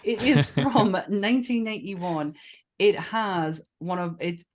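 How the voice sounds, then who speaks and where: A woman's voice: mid-range voice, expressive, slow pace. Chatty Northern English woman, swearing freely. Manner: enthusiastic, swears freely, laughs often. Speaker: podcast co-host. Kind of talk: casual chat.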